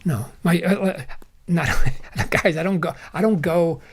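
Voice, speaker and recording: A middle-aged man talking as a podcast guest in an animated way, often restarting sentences and groaning in disgust. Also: a little high, unhurried, breathy edge. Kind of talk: casual podcast chat.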